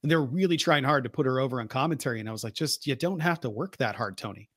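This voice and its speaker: Bright, dry-sounding man ranting about wrestling. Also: mid-range voice, quick pace, dry recording. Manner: exasperated, stammering rants. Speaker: podcast co-host. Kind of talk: casual wrestling chat.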